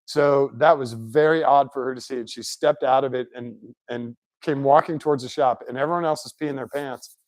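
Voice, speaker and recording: Man, mid pitch, casual garage storyteller, animated, close dry sound. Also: moderate pace, few pauses, no room sound. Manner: chatty, animated anecdotes with put-on quotes. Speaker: shop owner, car builder. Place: home garage shop.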